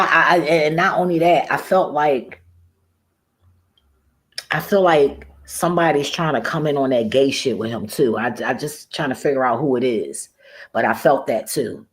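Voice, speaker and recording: A woman vlogger ranting casually to camera in a blunt, profane way, often laughing at her own remarks. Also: extremely low pitch. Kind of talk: casual rambling rant to camera.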